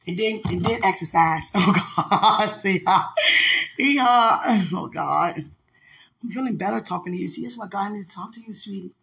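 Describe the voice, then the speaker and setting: A man's voice: sits high, creaky, noisy background. A man talking casually to his viewers while he cooks at home, earnest and religious, rambling and laughing often. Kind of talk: casual livestream chat while cooking. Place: home kitchen. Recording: roomy echoey kitchen, faint dish clatter.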